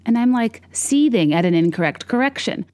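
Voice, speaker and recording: A woman's voice: a little high, expressive, brisk, a little mellow. Wry, rambling woman podcast host. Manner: wry, self-deprecating, rambling asides. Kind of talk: casual comedic monologue.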